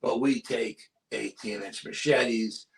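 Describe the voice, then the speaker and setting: Gravelly New York man telling a ghost story. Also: medium pitch, takes it slowly. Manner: animated storyteller, acts out quotes with whispers. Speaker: paranormal and cryptid investigator, guest. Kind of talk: casual storytelling interview.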